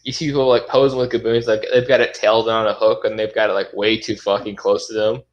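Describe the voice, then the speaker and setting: A man's voice: on the low side, flat delivery, quick pace, lo-fi sound. A man co-hosting a casual podcast, bantering with crude jokes. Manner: profane, joking banter. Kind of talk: casual chat.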